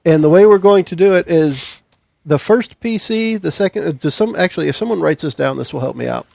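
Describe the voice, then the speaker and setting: Guy game-mastering a tabletop rpg, kinda high voice with gravel in it, dry close mic, reads rules out, loses his place sometimes. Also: lively intonation, a little fast, a little mellow, no room sound. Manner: loose and chatty, stops to look things up. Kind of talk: running a tabletop game, reading rules aloud.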